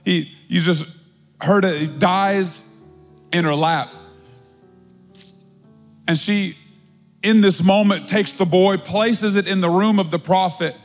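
A male pastor with a high, steady voice preaches a sermon to his congregation, drawing out key words and repeating phrases for emphasis. A long church-hall reverb surrounds him, with faint music playing underneath.

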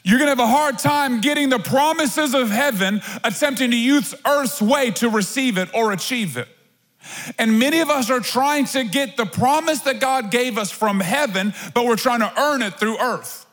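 A man's voice: very high voice, normal speed, a bit bright. A man preaching a sermon as pastor, in a conversational, playful way with asides. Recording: long hall reverb.

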